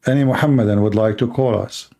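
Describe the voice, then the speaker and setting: A man hosting a live-streamed call-in debate, talking in a mocking, sarcastic way and laughing at his callers, with halting restarts. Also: lowish voice, creaky, warm tone.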